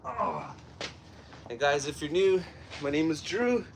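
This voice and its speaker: A man's voice: a little high, expressive, slow, creaky, slight background noise. A man with a Southern Californian accent hosting a casual live-stream workout from home, chatting with viewers and telling off his puppy between sets. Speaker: fitness livestream host. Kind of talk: casual live-stream chat while exercising.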